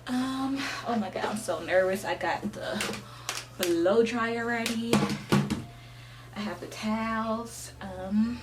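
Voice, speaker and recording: A woman's voice: mid-range voice, far from the mic. Nervous chatty woman filming at home. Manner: nervous, chatty, talks to viewers and pet. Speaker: vlogger. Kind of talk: casual vlog narration. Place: bathroom at home. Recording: noisy room, voice off-mic at times.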